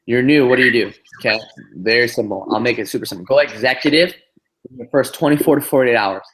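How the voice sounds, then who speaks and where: A man speaks at an everyday middle pitch as a business trainer on a group call. He tells a long motivational story in an animated way. He keeps it going with fillers and quick tag questions.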